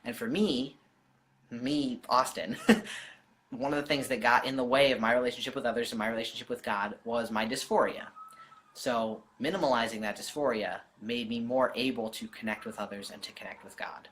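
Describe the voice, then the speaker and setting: Bright-voiced man, casual stream chat. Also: medium pitch, fairly even intonation, moderate pace, slight background noise. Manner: chatty, answering viewer comments directly. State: voice wearing out. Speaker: live stream host. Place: home.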